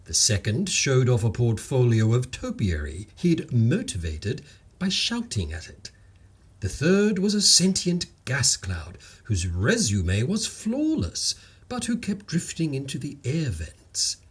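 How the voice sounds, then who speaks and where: A man's voice: medium pitch, huge pitch swings, a little slow, husky. A man reading a comic story aloud in a wry, playful storytelling manner. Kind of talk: comic scripted narration.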